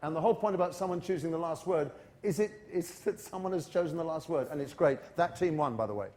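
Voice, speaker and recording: A man's voice: fairly high pitch, fast talker, slight background noise. A man from the United Kingdom with a British English accent, giving a live teacher-training talk in a university hall and energetically coaxing the audience to repeat after him. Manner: energetic, coaxes the audience into choral repetition.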